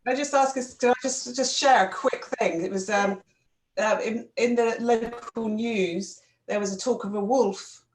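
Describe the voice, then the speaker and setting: Woman co-host, reflective and halting, heard from a distance in a roomy space. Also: on the high side, steady tone. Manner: thoughtful, halting, restarts phrases. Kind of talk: casual reflective chat. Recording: echoey room, away from the mic.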